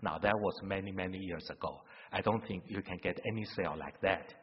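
Husky man preaching in a reverberant hall. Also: deep voice. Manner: earnest, unhurried, illustrative storytelling. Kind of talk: sermon. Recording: dull sound with long hall reverb.

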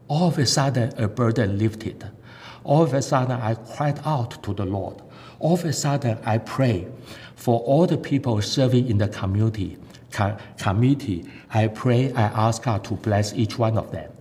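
A man giving a sermon testimony, earnest and halting, with frequent fillers and non-native grammar. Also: vocal fry, dark tone. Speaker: lay preacher giving testimony. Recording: echoey hall with faint rumble.

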